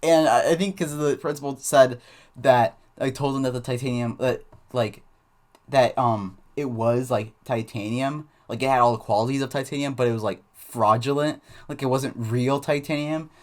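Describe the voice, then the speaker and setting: A man's voice: medium pitch, steady tone, normal speed. A man hosting his channel, rambling through a casual storytime with many fillers and restarts. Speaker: channel host.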